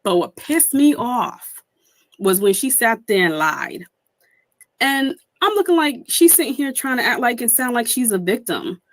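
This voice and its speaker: A woman's voice: fairly high pitch, big pitch swings, measured pace, no room sound. A young woman streamer giving heated commentary, indignant and swearing, mimicking people she quotes.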